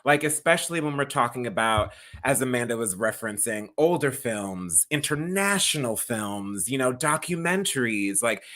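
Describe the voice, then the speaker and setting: A man speaks as a guest in casual conversation, reflective and affirming. His voice sits at a middle pitch with a bright, forceful edge. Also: expressive, moderate pace, hardly any pauses. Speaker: guest, film connoisseur.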